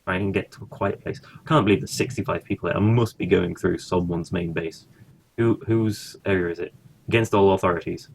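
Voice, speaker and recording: Low gravelly man commenting on a game. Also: steady tone, a little fast, slight background noise. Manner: muttering, swears casually, thinks aloud. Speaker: gaming streamer. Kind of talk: casual gameplay commentary.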